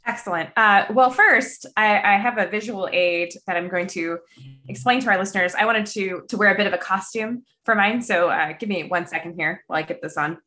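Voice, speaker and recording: A woman's voice: mid-range voice, fairly quick, bright, forceful tone. A woman co-hosting a comedy podcast, chatting in a playful, bubbly way. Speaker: podcast co-host.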